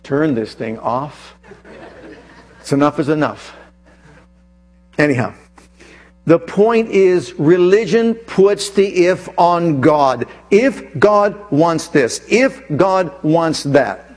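A male preacher giving an animated sermon, telling a personal story and reading scripture aloud with emphasis. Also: on the high side, slow pace, faint music behind.

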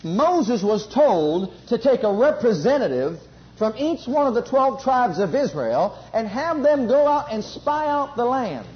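A man preaching a sermon with fervor, swinging between loud emphatic calls and quiet low asides. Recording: dull lo-fi recording.

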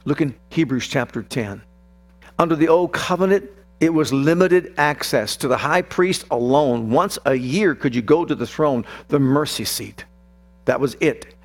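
A man preaching a sermon in an earnest voice that rises into fervent prayer. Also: medium pitch. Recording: mains hum behind the voice.

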